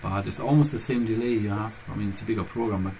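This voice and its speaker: A man's voice: fairly low pitch, fairly even intonation, quick pace, gravelly, dark tone, a little hiss or hum, poor audio. A man hosting his own channel, chatting casually and rambling as he thinks aloud, with phrasing. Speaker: channel host. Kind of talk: casual chat.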